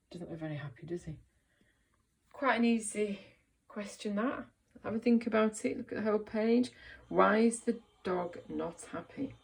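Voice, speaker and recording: A woman teacher giving an encouraging, expressive reading lesson to young children, asking them questions about the story. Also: mid-range voice, normal speed, vocal fry. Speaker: primary school teacher.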